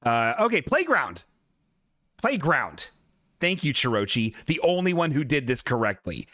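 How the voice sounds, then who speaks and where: A man's voice: medium pitch, huge pitch swings, a little slow, fairly bright tone, dry recording, clean studio sound. A man hosting a live-streamed podcast in casual chat, rambling, self-deprecating and swearing a lot. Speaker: podcast host.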